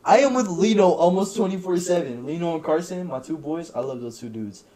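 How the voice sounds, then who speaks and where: A man's voice: a little high, fairly quick, a crowd in the background. Young guy on a podcast telling stories, voice goes all over the place, laughs a lot. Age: young adult. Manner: animated storyteller, acts out friends' voices, laughs often. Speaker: podcast guest. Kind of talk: casual storytelling chat.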